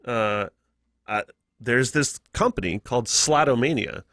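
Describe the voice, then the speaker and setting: Man doing a low, hushed agent pitching a deal, dry and close. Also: unhurried, no room sound, lightly acted. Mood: coaxing. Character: smooth-talking Hollywood agent, man.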